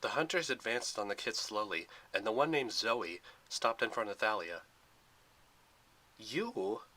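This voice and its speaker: A man reading a storybook adventure aloud with steady, expressive narration. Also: on the low side, moderate pace, slight background noise, rough recording.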